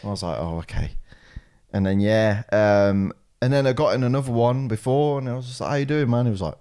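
A young man, co-hosting a podcast in casual chat, often laughing and acting out what others said in a gruff voice. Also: medium pitch, brisk, mellow. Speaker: podcast co-host.

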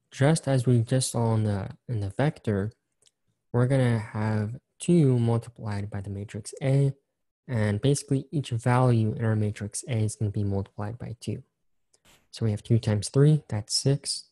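Low, very dark-voiced male instructor. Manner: casual, repetitive, walks through examples step by step. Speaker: engineering instructor. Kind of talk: recorded screen-share lecture.

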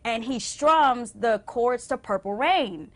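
A young adult woman singer telling stories as a TV interview guest, acting out quotes with big swings and going hushed when moved. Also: takes it slowly. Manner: expressive, acts out quotes with big pitch swings. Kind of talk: animated storytelling in a TV interview. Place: TV station interview.

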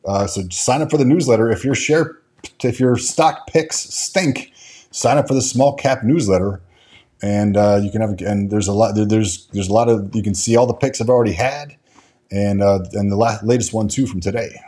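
A man's voice: fairly low pitch, normal speed, mellow. A man hosting a casual stock market livestream, talking in a rambling way with many restarts and fillers as he reads and answers viewer chat. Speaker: stock market show host.

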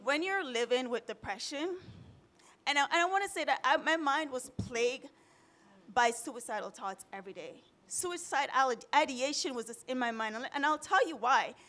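Woman from Jamaica in her thirties, higher voice, candid and emotional, for a personal panel story. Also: expressive, normal speed, bright, forceful tone. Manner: candid, emotional, close to tears at times.

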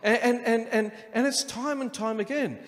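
A man's voice: very high voice, normal speed. Preaching man, in a reverberant hall. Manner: animated preaching with acted-out inner voices. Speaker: pastor. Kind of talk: sermon. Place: church hall.

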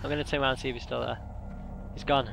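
A man's voice: medium pitch, level tone, racing, vocal fry, fairly bright tone. Breathless panicky young man gaming. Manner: panicky, jumpy, swearing, breathless. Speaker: let's play host. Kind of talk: casual gaming commentary. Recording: noisy home recording.

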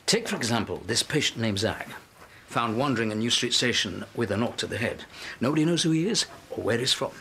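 An actor playing a courteous male hospital doctor who smoothly tries to win a colleague over. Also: medium pitch, expressive, a little fast, few pauses, a bit bright, a little hiss or hum. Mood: persuasive. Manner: smooth, persuasive. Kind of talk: TV drama acting.

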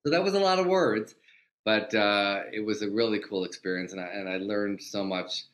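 Older male guest, low register, animated anecdotal delivery with acted-out quotes and casual swearing. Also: normal speed. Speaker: guest, TV comedy writer. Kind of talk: casual storytelling interview.

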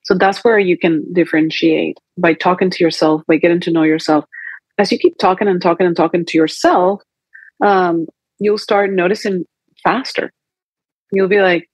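This lowish female voice keeps a fairly even intonation at a normal speed and sounds husky, captured in a dry recording with dull audio. She's a holistic coach appearing as a podcast guest, reflectively working through feelings in a conversational coaching way and acting out her inner dialogue in quoted voices.

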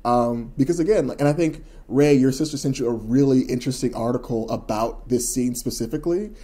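Man, podcast co-host, dark mellow tone, rambling, enthusiastic, lots of fillers. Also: medium pitch, a little fast. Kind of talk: casual chat.

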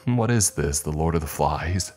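A man's voice: extremely low pitch, expressive, normal speed, a little mellow, faint music behind. A man voicing a sardonic, scheming young man who hisses his remarks in a horror story. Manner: hissing, dry. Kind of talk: scripted horror narration.

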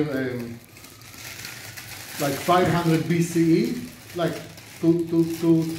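Older Israeli rabbi lecturing in an echoey room. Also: male voice, a little high, dark tone. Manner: chatty, asks the class questions, repeats words for drill. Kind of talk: informal classroom lecture. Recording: echoey lecture room, mic far off, faint noise.

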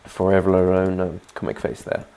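A man with a low, gravelly voice talks his way through a let's play video. He rambles casually as he builds and keeps inviting viewers to chime in. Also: completely flat delivery, brisk, mellow, slight background noise. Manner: rambling, chatty, asks viewers to comment. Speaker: gaming channel host.

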